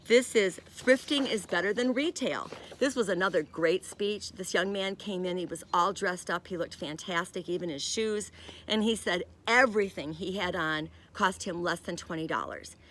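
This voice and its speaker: An older woman lecturing students in a loose, conversational way. Her voice sits on the low side, and she drifts into personal stories between points. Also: fairly bright tone, a little hiss or hum. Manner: chatty, rambling with personal asides. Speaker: instructor. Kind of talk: recorded lecture.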